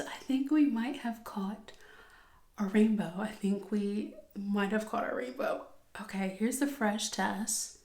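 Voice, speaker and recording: Young woman, casual vlogger, emotional half-whisper, mid pitch, roomy echo. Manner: emotional, often dropping to a hushed whisper. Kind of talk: casual vlog chat. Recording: echoey room.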